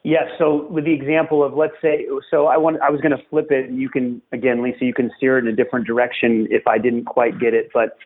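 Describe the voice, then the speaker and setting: A man, a tennis coach, giving earnest and emphatic advice as a podcast guest, repeating phrases for stress. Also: medium pitch. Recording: tinny phone-like remote line.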